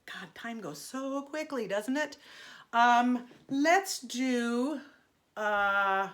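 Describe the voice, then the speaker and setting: A woman's voice: on the high side, drawn-out words. A middle-aged woman teaching an online singing lesson, chatty and encouraging, breaking off into sung vocal exercises.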